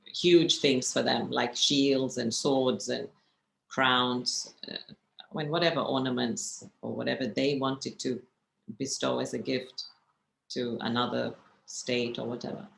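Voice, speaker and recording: A woman's voice: rumbling low, gravelly, roomy sound, slight background noise, rough recording. A woman meditation teacher giving a spiritual class, telling stories and asking her listeners rhetorical questions.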